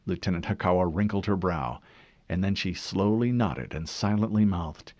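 A man reading a novel aloud in measured, expressive scripted narration. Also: low-pitched, no room sound, studio quality. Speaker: audiobook narrator.

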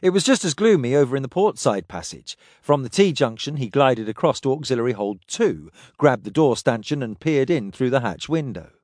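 A man reading a science fiction story aloud in steady, descriptive narration. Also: medium pitch, normal speed, few pauses, dry recording, studio quality. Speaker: audiobook narrator.

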